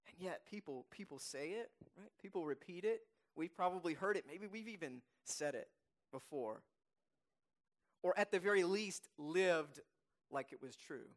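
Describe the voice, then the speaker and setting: Emphatic preacher man with a higher voice. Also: lively intonation. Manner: emphatic, repeats key phrases; reads scripture slowly and softly. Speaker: pastor. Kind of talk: sermon.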